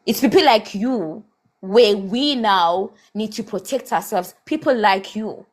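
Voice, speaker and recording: A woman's voice: mid-range voice, measured pace. Woman, South African accent, live-stream debate, impassioned, scolding, mixes in Zulu words.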